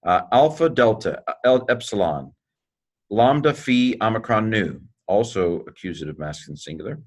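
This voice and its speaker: Male teacher, lowish voice, folksy and joking, walks through grammar step by step. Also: lively intonation, normal speed. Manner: folksy, joking, clears throat often. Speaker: Greek teacher. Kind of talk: informal recorded lesson.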